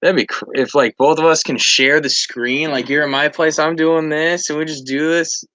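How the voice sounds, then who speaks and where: A man's voice: fairly high pitch, fairly even intonation, normal speed, bright, forceful tone, no echo, low-quality recording. Chatty man trading fantasy picks, dry. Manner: chatty, asks for opinions. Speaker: fantasy football show co-host. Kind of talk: casual livestream banter. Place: at home.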